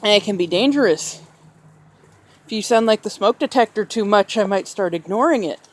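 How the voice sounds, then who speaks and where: With lively intonation at a moderate pace, a medium-pitched woman vlogger coos to her parrot in a sing-song pet voice while walking a rainy street, recording on a handheld camera.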